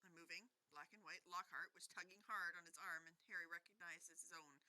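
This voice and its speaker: A woman's voice: on the low side, steady tone, fast, bright, forceful tone, low-quality recording. A woman reading a novel aloud for an adult book club, breaking into laughing banter. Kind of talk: casual read-aloud with commentary.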